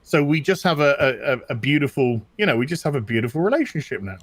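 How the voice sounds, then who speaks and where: Here the British co-host, a middle-aged man, talks fast at a medium pitch, and there's no echo. His casual chat is full of personal stories, animated and repetitive, with plenty of false starts.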